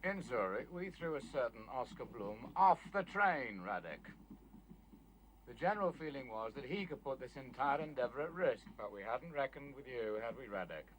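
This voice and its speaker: A stern revolutionary leader in a period TV drama. His voice is bright and forceful at a middle pitch. He presses and questions those around him. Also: sing-song, normal speed, a little hiss or hum, rough recording. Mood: probing. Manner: probing, building into shouting. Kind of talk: 1980s TV drama acting.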